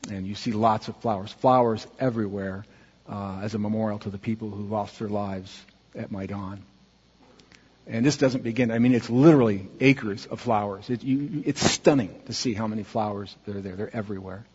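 A man speaking earnestly to a congregation as he narrates a slideshow, asking for the next slide and pausing on fillers. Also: fairly low pitch, fairly even intonation, a little mellow, breathy edge. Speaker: church mission speaker presenting slides. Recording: dull, muffled audio with long hall reverb.

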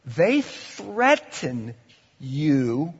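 A man preaching a sermon in a church, swinging between loud, dramatic lines and hushed, drawn-out ones. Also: on the high side, sing-song, husky, long reverb tail, muffled recording. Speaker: pastor. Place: church hall.

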